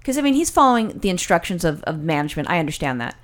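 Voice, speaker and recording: Woman co-host, quick and heated, swears freely. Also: lowish voice, very animated. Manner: heated, profane storytelling. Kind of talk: casual chat.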